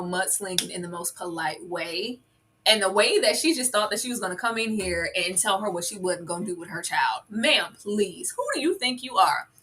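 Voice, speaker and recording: A woman on a live recap panel, very expressive and swinging between loud and soft, speaking. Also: mid-range voice. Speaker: co-host panelist. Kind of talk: live show recap discussion.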